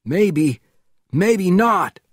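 A man's voice: high voice, big pitch swings, very slow, dry recording, clean studio sound, pitched above the performer's own voice, exaggerated voice. A man doing an urgent, anxious ex-spy. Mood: alarmed. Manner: urgent, commanding. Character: anxious middle-aged male ex-spy with a limp.

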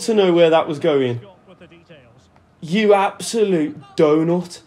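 A young man giving excitable, sweary commentary over a football video game, shouting at his players. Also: on the high side, unhurried, long pauses. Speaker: gaming YouTuber. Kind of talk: live gameplay commentary. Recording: faint music under voice.

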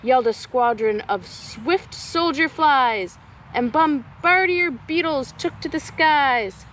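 A young adult woman, a nature educator, reading a rhyming picture book aloud to children at a slow pace. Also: sits high, a bit bright, slight background noise, rough recording.

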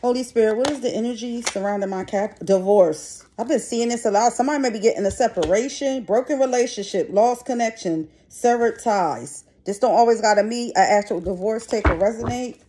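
A woman's voice: fairly high pitch, fairly quick, few pauses, dark tone. A middle-aged woman giving a casual tarot reading to her viewers, talking bluntly and chattily and swearing freely. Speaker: tarot reader. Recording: noisy background.

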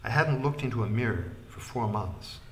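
A man narrating an audiobook in a measured way, trailing into a breathy hush at phrase ends. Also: medium pitch, lively intonation, slight background noise.

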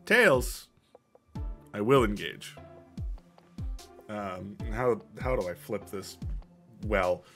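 A man's voice: on the low side, extremely slow, pauses often, fairly bright tone, soft background music. A man casually commenting on a game as he plays, chatty and self-mocking, with lots of fillers and laughs. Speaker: gamer playing and reading dialogue aloud. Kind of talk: casual let's-play commentary.

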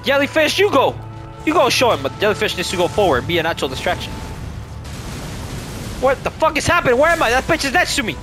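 A man giving loud, excitable let's-play commentary, swearing and swinging between low groans and yells. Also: fast, pauses often, over music. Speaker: gaming YouTuber.

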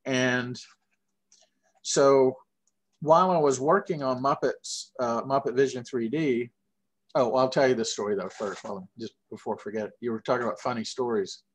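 A middle-aged man from Georgia with a Southern accent, telling long, animated anecdotes full of fillers in a casual interview. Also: mid-range voice, normal speed. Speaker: guest puppeteer.

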